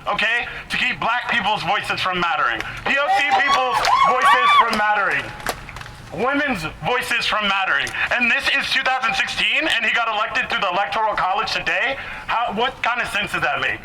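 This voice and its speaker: Breathless man shouting at a rally. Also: high voice, lively intonation, fairly quick, few pauses. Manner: earnest, repetitive, shouts to the crowd. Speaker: rally speaker. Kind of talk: impassioned protest speech. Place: outdoor protest rally. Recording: outdoor rally with heavy background noise.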